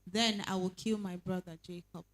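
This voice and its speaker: A woman's voice: fairly low pitch, fairly even intonation, normal speed, rough recording. Woman reading scripture aloud. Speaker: scripture reader.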